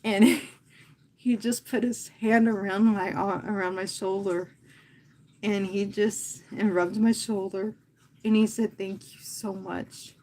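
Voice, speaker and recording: Earnest woman talking softly on a livestream. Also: mid-range voice, fairly even intonation, slight background noise. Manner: earnest and heartfelt, speaking softly and slowly with pauses. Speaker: fitness instructor and livestream host. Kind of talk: casual livestream talk.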